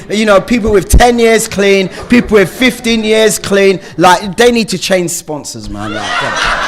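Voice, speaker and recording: Man, middle-aged, high voice, animated storytelling, laughs often. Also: slight background noise. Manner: animated storytelling with frequent laughs and rhetorical questions. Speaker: recovery speaker. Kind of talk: personal recovery share.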